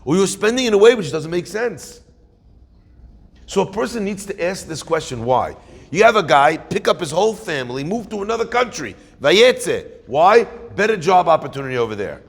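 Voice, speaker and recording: A man's voice: high voice, normal speed, creaky. A man giving a conversational sermon as a rabbi, asking his listeners questions. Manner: conversational, animated, asks the audience questions. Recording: hall reverb.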